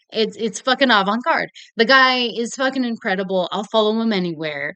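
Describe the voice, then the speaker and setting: A woman's voice: a little high, brisk, few pauses, bright, forceful tone, clear, resonant tone, no room sound. A young woman talking casually about films she loves, gushing, swearing and laughing often. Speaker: film reviewer. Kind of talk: casual movie talk to camera.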